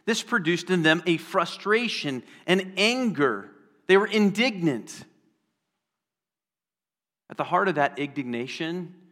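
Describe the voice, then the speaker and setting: A pastor preaches earnestly and expressively in a high, bright voice that carries through a long-echoing hall. He slows down and repeats key phrases to drive his point home.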